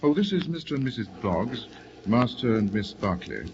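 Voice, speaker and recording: An actor playing a gentle, soft-spoken clergyman who speaks in a measured way, in 1940s radio acting. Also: mid-range voice, big pitch swings. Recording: muffled 1940 radio broadcast with clear hiss.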